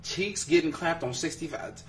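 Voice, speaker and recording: A man's voice: a little high, normal speed, a bit bright, recorded from a distance, slight background noise. A man hosting a podcast in casual chat, joking and laughing often as he teases his co-hosts. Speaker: podcast host.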